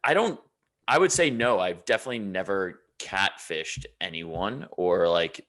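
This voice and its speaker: A man's voice: low voice, measured pace, fairly bright tone. A man co-hosting a casual podcast, talking in an earnest, reflective way and drifting onto side topics. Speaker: podcast co-host. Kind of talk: casual chat.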